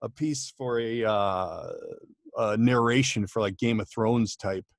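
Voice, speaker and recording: A man's voice: lowish voice, a little slow, dry recording, clean studio sound. A man, a voice actor, telling stories in a casual podcast chat, laughing often and restarting his sentences. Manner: chatty, laughing storyteller with many restarts. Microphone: home studio microphone.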